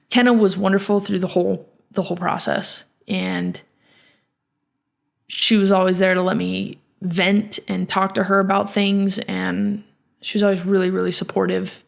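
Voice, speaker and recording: Female podcast host, gravelly fry, halting reflective storytelling with frequent restarts. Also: mid-range voice.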